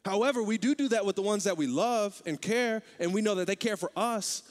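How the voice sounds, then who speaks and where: A young man preaching a sermon as pastor, talking in a candid, conversational way and growing animated. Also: high-pitched, a little fast, in a large hall.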